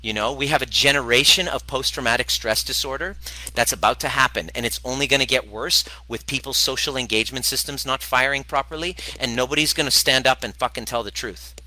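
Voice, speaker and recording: A man's voice: medium pitch, a little fast, sharp tone, poor audio. A middle-aged man, a former chiropractor, talking straight to camera about parenting in a blunt, passionate way, swearing and laughing often. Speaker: former chiropractor turned wellness video host. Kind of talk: direct-to-camera talk answering a viewer question.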